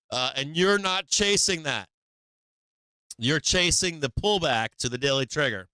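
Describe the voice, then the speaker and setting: Profane, animated man hosting live trading. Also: a little high, measured pace, clean tone, no echo. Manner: profane, animated, laughs often, acts out the market. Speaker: livestream trading show host. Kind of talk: live market commentary.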